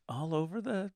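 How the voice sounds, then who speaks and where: A man's voice: on the high side, a little mellow, no echo. A man co-hosting a comedy podcast, dropping dry quips during improvised banter.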